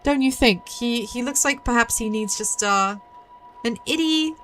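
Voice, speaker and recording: A woman's voice: fairly high pitch, moderate pace, a bit bright, a little hiss or hum. A woman giving playful, chatty commentary as a VTuber playing a mystery game. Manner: chatty, playful, giggly asides. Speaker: VTuber streamer. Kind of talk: casual gameplay commentary.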